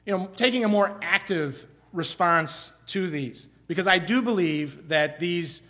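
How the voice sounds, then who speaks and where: A middle-aged man from Iowa gives a sermon in a conversational style. His voice sits a little high for a man, and he talks in an animated way, rising and dropping as he stresses points and often restarting his sentences. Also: unhurried. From Iowa, USA. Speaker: pastor.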